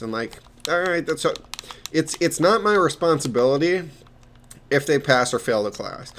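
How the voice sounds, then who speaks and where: Talking about his peer mentor job, this young man rambles casually, restarting often, using lots of fillers, and swearing now and then. He has a slightly high, fairly bright voice with lively intonation at normal speed, plus a little hiss or hum.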